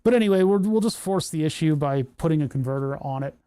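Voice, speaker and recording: Fast-talking and animated, a man with a warm, smooth, somewhat high voice streams an electronics build. He chats casually, mutters to himself as he works, and is dealing with hand cramps.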